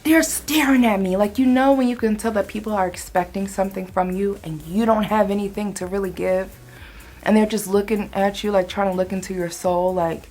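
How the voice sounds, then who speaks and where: A woman's voice: mid-range voice, expressive, a little fast. A young woman telling a work story in a casual, chatty vlog. She acts out other people's lines as she goes.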